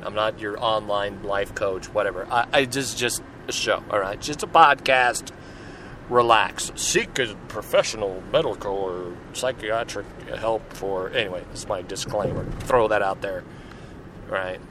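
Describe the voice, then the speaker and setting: A man's voice: lowish voice, moderate pace, noisy background. A man hosting a solo podcast, talking in a rambling, chatty way and often checking in with "right?". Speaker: podcast host. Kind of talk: casual solo podcast talk.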